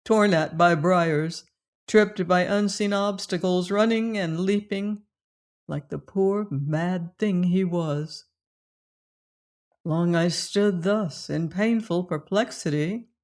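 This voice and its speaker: An audiobook narrator reading a classic adventure novel in a slow, measured, old-fashioned storytelling manner. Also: mid-range voice.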